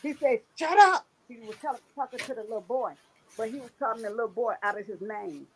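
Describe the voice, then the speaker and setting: High-pitched woman telling a story. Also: fast, slight background noise, low-quality recording. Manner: animated storytelling, emphatic repetitions. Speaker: host. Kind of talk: casual chat.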